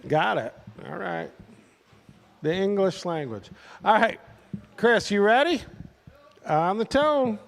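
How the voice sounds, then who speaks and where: A man calls a live radio-control car race in a high voice. He talks at an easy, unhurried pace, chatting casually with the drivers and calling out their positions. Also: lively intonation, creaky, long reverb tail. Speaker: race announcer.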